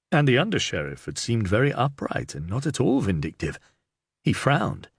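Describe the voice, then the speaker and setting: Man reading an audiobook, low gravelly voice, dry close sound. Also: no echo. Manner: steady, measured reading. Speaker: audiobook narrator. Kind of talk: scripted narration.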